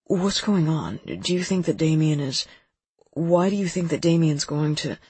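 A jittery young man stumbling over his questions, as a woman reader puts him on. Quiet and a touch low, with a husky edge on a dry, close recording. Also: animated, normal speed, no room sound, full character voice. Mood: nervous. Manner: hesitant, stumbling. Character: nervous young man, timid friend.

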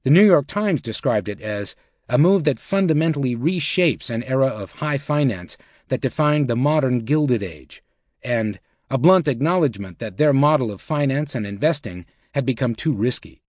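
A man narrating a nonfiction audiobook in an even, measured reading style. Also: medium pitch, no room sound, studio quality. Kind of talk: scripted narration.

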